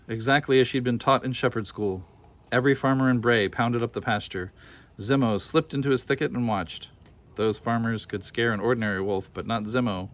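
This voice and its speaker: A man reading a children's picture book aloud with expressive, animated storytelling. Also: mid-range voice. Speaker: storybook reader.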